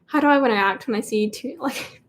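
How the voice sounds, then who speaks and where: A woman's voice: a little high, a little fast, a little hiss or hum. A teenage girl rambling in a giggly, chatty way while answering viewer questions on a casual livestream. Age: teens. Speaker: livestream host. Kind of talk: casual live Q&A chat.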